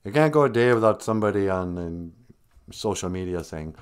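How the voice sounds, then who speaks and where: On a casual live stream, a man with a lowish, animated voice teaches words at a quick pace, trading teasing banter with viewers and playfully scolding them in a mock-stern way.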